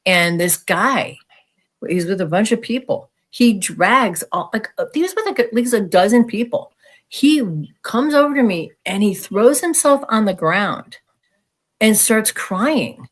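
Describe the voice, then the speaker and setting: A woman from the American Midwest, a guest telling her story casually and with frank, animated energy, acting out the quoted voices. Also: mid-range voice, measured pace. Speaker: guest sharing alien encounter experiences.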